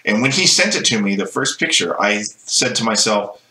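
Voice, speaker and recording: A man co-hosting a casual gaming talk show, telling stories loudly and profanely with mock voices. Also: lowish voice, lively intonation, moderate pace. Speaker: podcast co-host. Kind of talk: casual chat. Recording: echoey room, some background noise.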